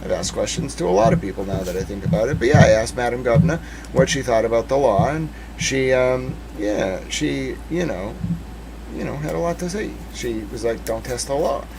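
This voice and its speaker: A man's voice: mid-range voice, a little fast, vocal fry, noisy background. A man hosting a livestream, telling an indignant story in a casual, sarcastic way, acting out the other people's lines and swearing casually. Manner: animated, indignant storytelling with mock-quoted dialogue. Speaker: livestream host. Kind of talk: casual commentary rant.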